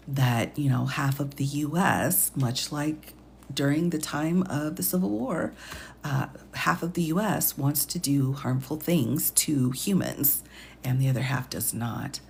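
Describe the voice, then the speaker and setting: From home, a woman attorney hosts a late-night livestream, chatting with viewers in a hushed, unhurried voice with quiet chuckles. Her voice is rumbling and low with vocal fry, and a little hiss or hum is audible.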